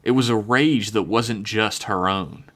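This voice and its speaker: A man's voice: on the low side, unhurried, a bit bright. A man narrating a tabletop role-playing game in a dramatic style, swearing and laughing now and then. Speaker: game master.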